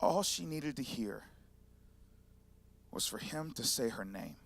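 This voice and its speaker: A man preaching a sermon, retelling scripture in an animated, conversational storytelling manner. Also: medium pitch, slow, vocal fry. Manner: animated storytelling, acting out scenes. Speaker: pastor.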